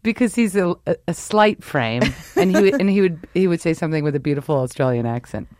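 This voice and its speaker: A woman co-hosting a podcast, chatting casually about sports in an animated, jokey, trash-talking way. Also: fairly low pitch, quick pace, no echo, studio quality. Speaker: podcast co-host.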